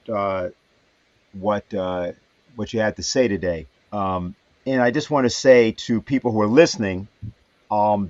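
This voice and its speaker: A man hosting a livestream panel who speaks haltingly with many fillers. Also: on the low side, no echo. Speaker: host. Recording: dull dry lo-fi audio.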